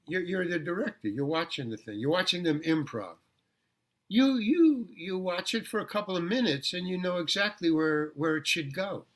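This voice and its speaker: Here the older guest actor's voice sits on the high side and sounds a bit bright. He rambles through casual anecdotes in an interview, stumbling into restarts and repeated words.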